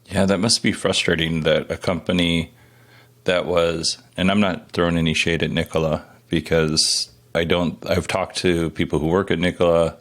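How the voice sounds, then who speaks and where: A man's voice: low voice, little pitch movement, moderate pace, a bit bright. A man hosting a podcast, asking questions in a casual, rambling, conversational way. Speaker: podcast host.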